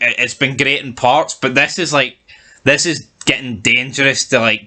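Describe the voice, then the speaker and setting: A man co-hosting a casual TV review chat, animated and swearing freely as he rants. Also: medium pitch. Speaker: TV review podcast co-host.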